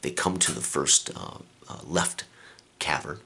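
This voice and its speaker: Very deep gravelly man recapping a game. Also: unhurried, sharp tone. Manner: rambling, with many fillers and restarts. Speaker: game master recapping a session. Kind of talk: casual tabletop game recap.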